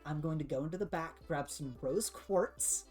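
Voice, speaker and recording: A woman voicing a gushing, bubbly middle-aged mother who is into spiritual things, in a high sugary voice. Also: normal speed, darkish tone, soft background music, natural voice. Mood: soothing.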